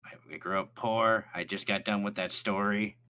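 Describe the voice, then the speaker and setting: A man's voice: on the low side, fairly even intonation, moderate pace, pushed and bright, clean tone. A man voicing a young male pirate crewman who stammers and gets flustered easily. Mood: excited. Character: jumpy young male pirate crewman, former street kid.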